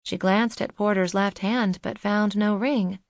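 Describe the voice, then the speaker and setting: A woman's voice: mid-range voice, steady tone, measured pace, no echo, clean studio sound. Woman reading a novel aloud. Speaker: audiobook narrator. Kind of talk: scripted narration.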